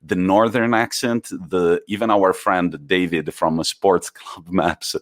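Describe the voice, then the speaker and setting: Italian-accented male podcast co-host, lowish voice, playful and teasing. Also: fairly even intonation, slow. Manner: teasing, laughs often, some English slips. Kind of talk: casual podcast chat.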